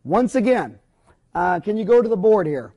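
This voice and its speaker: A man's voice: sits high, animated, normal speed, mellow, lo-fi sound. A middle-aged man giving a blunt, opinionated seminar lecture at a whiteboard, rambling with folksy mild cursing.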